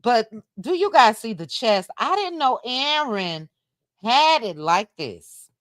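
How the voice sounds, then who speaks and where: A woman's voice: fairly high pitch, big pitch swings, takes it slowly, fairly bright tone, no echo, studio quality. A middle-aged woman hosting a casual late-night livestream chat at home, laughing and teasing as she reads her viewers' comments. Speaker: livestream host reading chat.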